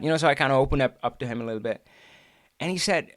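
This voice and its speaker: Man, live stream host, chatty storytelling, mid pitch, dry close mic. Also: rapid-fire, dry recording. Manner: chatty, animated, frequent restarts and laughs.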